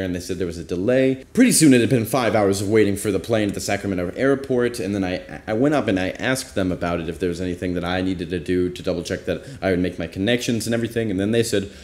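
Young guy rambling through a travel story, lowish voice, roomy echo. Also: a little mellow. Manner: rambling, self-deprecating, lots of fillers. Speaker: vlogger. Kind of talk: casual storytelling.

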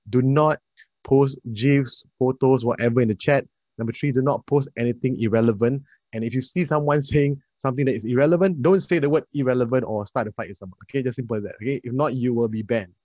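A man, an energetic, chatty math tutor leading a live online class and addressing his students directly. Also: mid-range voice, no room sound, highs cut off.

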